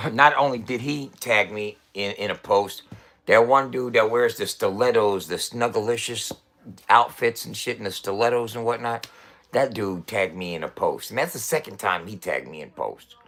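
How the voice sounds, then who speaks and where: A man's voice: fairly low pitch, normal speed, a bit bright. A middle-aged man ranting in a casual, profane way, swearing often and coughing between lines. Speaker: website founder ranting to camera.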